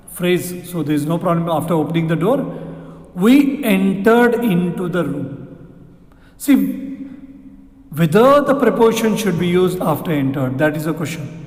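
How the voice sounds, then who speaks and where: A man with an Indian English accent, teaching exam grammar, who repeats sentences slowly and asks rhetorical questions. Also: sits high. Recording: echoey room with long reverb.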